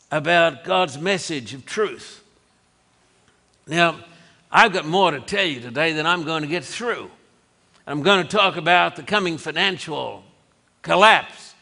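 High bright guy preaching slow and emphatic, long hall echo. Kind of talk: sermon.

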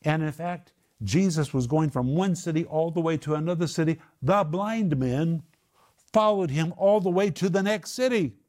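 Animated preacher man, higher voice. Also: normal speed. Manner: animated, acts out voices of the people in the story. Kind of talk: sermon.

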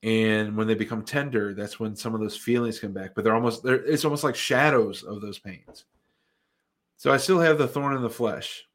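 A man's voice: fairly low pitch, a bit bright. A man, a Christian comedian, giving an earnest, reflective personal testimony with frequent fillers and restarts.

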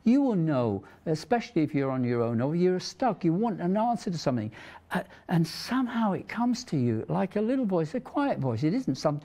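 A man's voice: on the high side, sing-song, normal speed, warm tone. A middle-aged man hosting a Christian talk show, a rambling, chatty storyteller who laughs often. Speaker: TV show host.

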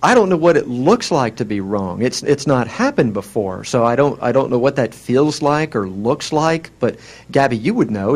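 A man's voice: mid-range voice, expressive, moderate pace. A man with a Southern American accent, co-hosting a casual chat in a wry, self-mocking way with frequent restarts. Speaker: co-host.

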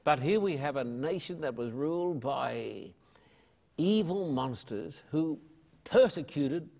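A man answering interview questions in an impassioned, preacherly way, slowing down to stress key words. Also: on the high side, expressive, gravelly, a little mellow. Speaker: evangelist interviewee.

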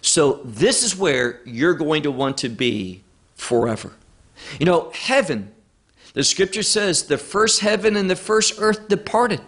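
A man teaching a Bible study lecture, reading verses aloud and stressing key words with firm, deliberate emphasis. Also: a little high, lively intonation, fairly bright tone.

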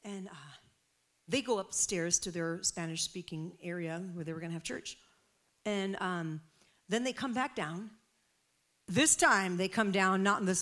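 A woman's voice: medium pitch, slow, a bit bright. A woman preacher telling a personal testimony in a sermon, acting out her own panicked voice as she tells the story.

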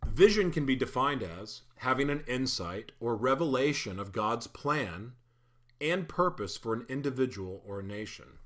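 A man delivers a sermon in an easygoing, conversational style, full of animated asides and playful tangents. His voice sits in a middle register. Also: medium pitch. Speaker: pastor. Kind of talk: casual sermon.

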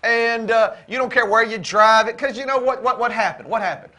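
High-voiced man preaching with fervor. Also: a little fast. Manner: repetitive, exhorting, rising to near-shouts. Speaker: co-host of a Christian marriage show. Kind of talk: preaching-style talk.

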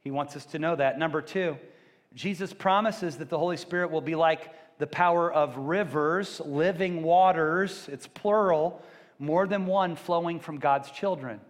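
Pastor guy preaching, jokey and animated, kinda high voice, big echoey church sound. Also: unhurried. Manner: animated, joking, acts out loud screams and shouts. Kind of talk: sermon.

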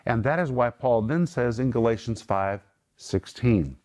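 A man's voice: medium pitch, expressive, a little slow, darkish tone. A man teaching the Bible to a small discussion group, emphatic, breaking words down one at a time.

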